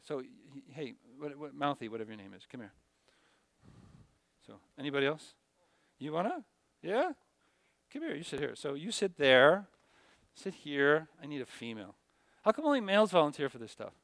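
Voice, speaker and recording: A middle-aged male teacher talks through a lesson in a loose, chatty way, restarting his sentences and checking in with "right?". His voice sits a little high and sounds smooth and clear. The sound is dry and close. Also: no echo. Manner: conversational, rambling with many restarts and checks like "right?". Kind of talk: classroom lecture. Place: classroom.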